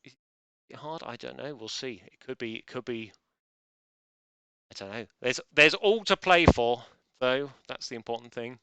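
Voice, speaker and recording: A man's voice: mid-range voice, moderate pace, long pauses, sharp tone, smooth, dry recording. A man hosting a live online quiz, joking drily and rambling. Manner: dry, rambling, self-deprecating jokes. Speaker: quiz host.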